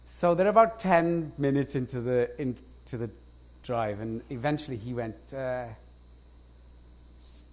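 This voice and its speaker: A Welsh actor in an on-stage conversation, telling lively anecdotes with frequent laughs and restarts. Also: male voice, mid-range voice, measured pace. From Wales. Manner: animated anecdotes, laughs often, self-interrupting restarts. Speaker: guest actor. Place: lecture stage before an audience.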